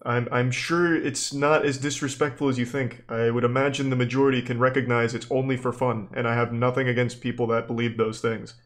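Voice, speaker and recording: A young man streaming live, chatting casually with viewers in a deadpan, exasperated way, swearing freely. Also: mid-range voice, a little fast, hardly any pauses. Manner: deadpan, profane, exasperated rants at chat.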